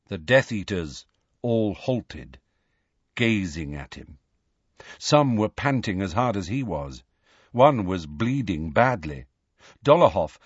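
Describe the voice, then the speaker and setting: A man narrating an audiobook in measured, expressive storytelling. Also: deep voice, husky, dry recording, highs cut off.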